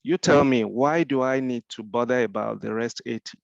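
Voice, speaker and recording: A man with a Nigerian accent speaks as a mentor in a Q&A discussion, his voice gravelly with fry. He explains step by step, asks rhetorical questions and often restarts his sentences. The recording is dull and lo-fi, with a dry, close sound. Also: medium pitch, normal speed, no room sound.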